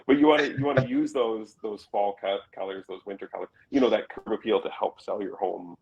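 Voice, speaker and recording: A man's voice: on the low side, steady tone, a little fast, a little mellow, muffled recording. A man co-hosting a podcast as a realtor, explaining things conversationally with everyday examples. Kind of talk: casual chat.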